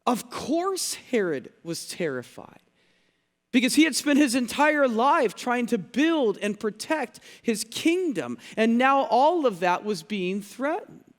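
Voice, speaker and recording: Man preaching, high voice, earnest and emphatic, repeats phrases, long church reverb. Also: animated, unhurried, few pauses. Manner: earnest teaching tone, stresses key words, repeats phrases for effect. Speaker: pastor. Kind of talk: sermon. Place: church sanctuary.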